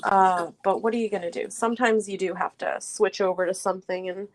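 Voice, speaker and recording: A woman's voice: medium pitch, fairly even intonation, a little fast, a little hiss or hum. Frank, chatty woman hosting a live chat. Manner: frank, chatty, laughs easily. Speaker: podcast host. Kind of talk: casual live audio chat.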